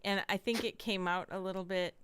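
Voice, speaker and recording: Female podcast host, smooth and clear mid-range voice, playful and laughing often. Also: mid-range voice, fairly even intonation, brisk, a bit bright. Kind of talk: casual podcast chat.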